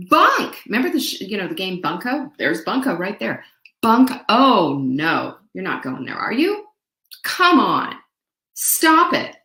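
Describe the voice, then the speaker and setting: A woman hosts a motivational talk in a fairly high, lively voice, playful and chatty as she calls her viewers girlfriends. She sings short snippets and mimics voices. The sound carries a clear room echo. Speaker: host.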